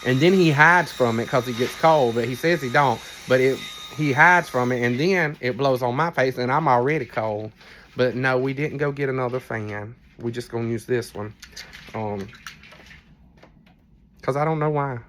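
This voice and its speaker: Tipsy vlogger, mid-range voice, loose rambling storyteller who curses freely. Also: male voice, mid-range voice, fairly bright tone, slight background noise. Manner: chatty, rambling, frank asides and mild cursing. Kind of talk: casual storytelling vlog. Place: cabin on a cruise ship.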